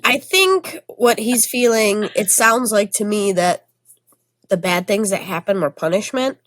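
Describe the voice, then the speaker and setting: A woman's voice: mid-range voice, lively intonation, unhurried, fairly bright tone, no echo. A woman co-hosting a podcast in casual chat, tossing in slangy teasing asides. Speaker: podcast co-host.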